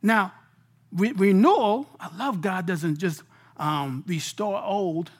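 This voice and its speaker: Guy preaching a sermon, slangy and casual, goes loud then drops real quiet. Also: sits high, slow pace. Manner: animated, swings between loud and hushed.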